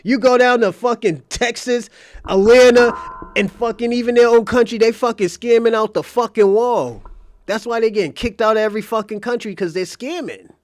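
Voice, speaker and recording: A man with a high-pitched voice hosts a casual livestream commentary. He argues emphatically, with profanity and repetition. The sound is dry and close, with no room around it. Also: normal speed, dry recording. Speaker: host of a commentary channel.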